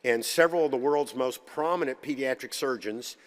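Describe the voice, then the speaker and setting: A man's voice: mid-range voice, a little fast. A man giving a conference keynote, with humorous, anecdotal storytelling. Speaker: keynote speaker. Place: conference hall. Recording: long hall reverb.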